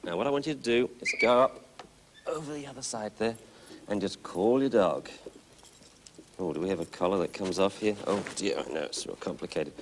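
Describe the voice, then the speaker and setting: A man's voice: lowish voice, a little fast, background noise. A man teaching a puppy training class, upbeat and coaxing, cheering the owners on. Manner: upbeat, coaxing, full of encouragement.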